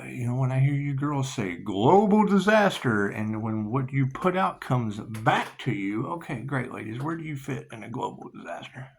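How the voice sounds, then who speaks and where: On his own spiritual channel, a middle-aged man delivers a wandering, sarcastic monologue, repeating phrases and erupting into sudden loud bursts. His mid-range voice is animated, creaky, and a little slow.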